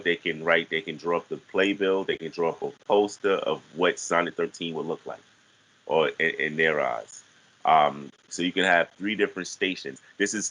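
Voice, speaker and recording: A man talking casually about teaching verse, halting with frequent restarts and repeated words. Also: extremely low pitch, fairly bright tone, rough recording. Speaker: guest teaching artist. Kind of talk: casual conversational teaching talk.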